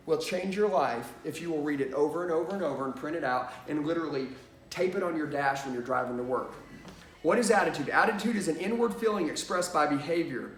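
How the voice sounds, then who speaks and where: A man teaching a sales lesson, emphatic and punchy, often asking "okay?" and saying "watch this". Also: on the high side. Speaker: sales trainer. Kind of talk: energetic sales training lesson. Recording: echoey room from a distance.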